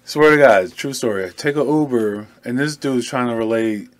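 A man chatting casually with friends, telling a funny story with lots of laughter. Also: normal speed. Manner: animated, laughing storyteller, breaks into falsetto singing. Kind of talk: casual chat.

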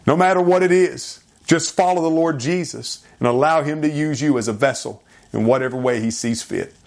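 A man's voice: on the high side, normal speed, creaky. A man preaching a sermon, earnest and emphatic, with dramatic readings from scripture. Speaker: pastor.

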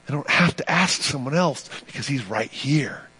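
A man pastor preaching a sermon with emphatic delivery, repeating phrases and swinging between loud and soft passages. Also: medium pitch, lively intonation, normal speed, husky.

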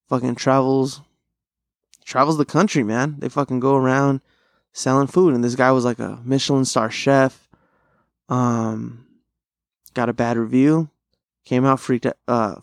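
A man's voice: medium pitch, no room sound, studio quality. A young man hosting a solo podcast, telling rambling, profane, slang-heavy food stories. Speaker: podcast host. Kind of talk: casual solo podcast monologue. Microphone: close studio mic.

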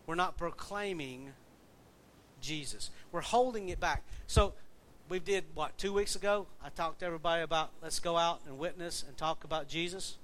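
A man's voice: fairly high pitch, moderate pace, a bit bright. A man with a Southern US accent preaching a sermon as pastor, folksy and conversational, putting questions to the congregation. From Southern United States.

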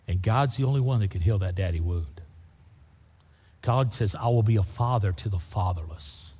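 A man's voice: lowish voice, normal speed, slightly rough. Fervent older male pastor in a reverberant hall. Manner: fervent, swings from loud to soft. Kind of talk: sermon.

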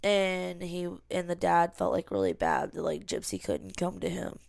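A woman's voice: fairly low pitch, very animated, moderate pace, creaky, darkish tone, dry recording, studio quality. A woman from the American South with a Southern accent, co-hosting a podcast in a chatty, rambling way. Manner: chatty, rambling, uses lots of fillers. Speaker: podcast co-host. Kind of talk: casual chat.

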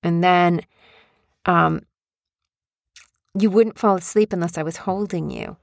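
A woman's voice: on the low side, fairly even intonation, slow pace, gravelly, no echo, clean studio sound. A mother casually telling her young son a family story, chatty and rambling, acting out quotes with animation. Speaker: mother and vlogger.

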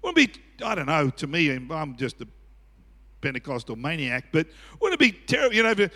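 A man preaching a sermon as pastor, swinging from quiet asides to loud shouting and often chuckling. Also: on the high side, wildly swooping pitch, moderate pace. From Australia. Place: church auditorium. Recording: echoey church hall.

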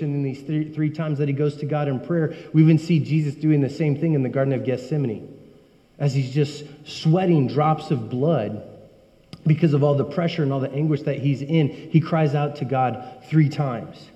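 A man's voice: fairly high pitch, steady tone, moderate pace, mellow. A man preaching a sermon in an earnest, emphatic way. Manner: earnest, emphatic, rising when he voices prayers. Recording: dull recording with long hall reverb.

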